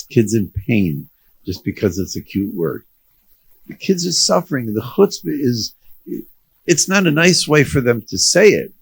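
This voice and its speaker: A man's voice: on the low side, husky, no echo. A middle-aged man, a rabbi and counselor, giving a conversational lecture to parents and educators, often restarting his sentences and mixing in Yiddish and Hebrew words.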